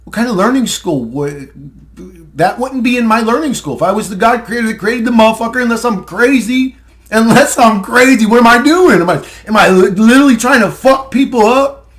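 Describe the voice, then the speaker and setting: A man's voice: very high voice, expressive, fairly quick, a bit bright. A young man delivering a heated, profane rant with sarcastic asides and bursts of laughter. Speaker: conspiracy video ranter. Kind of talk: profane ranting monologue.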